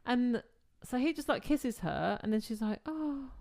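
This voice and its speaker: A woman's voice: on the high side, animated, normal speed, gravelly, warm tone. Chatty woman retelling film scenes. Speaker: podcast co-host. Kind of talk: casual chat.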